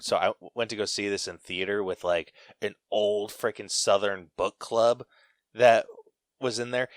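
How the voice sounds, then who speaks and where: A man's voice: lowish voice, fairly bright tone, clean tone, no room sound, clean studio sound. A young man hosting a podcast, telling a story in a casual, rambling way full of filler words. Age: young adult. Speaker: podcast host. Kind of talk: casual chat.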